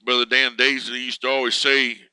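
A man preaching a sermon fervently, swelling louder and slower on key words. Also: mid-range voice, little pitch movement, clear, resonant tone, dry recording, rough recording.

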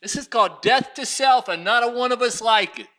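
A man's voice: very high-pitched, brisk, sharp tone. A man preaching a sermon, reading scripture aloud and driving his points with rising intensity. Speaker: pastor.

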